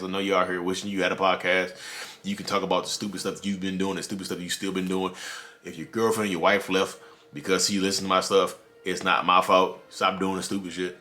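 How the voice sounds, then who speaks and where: Heated ranting man, bright forceful voice. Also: sits low. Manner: heated, repetitive, addresses listeners directly. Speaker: podcast host. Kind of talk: ranting monologue.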